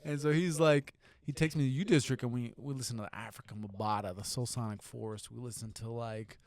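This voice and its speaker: A man in his thirties from Seattle, a podcast guest telling stories in lively conversation, acting out quotes and swearing freely. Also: mid-range voice, a little fast, gravelly, no echo. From Seattle, United States. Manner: animated storyteller, acts out quotes, swears freely. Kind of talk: casual storytelling conversation.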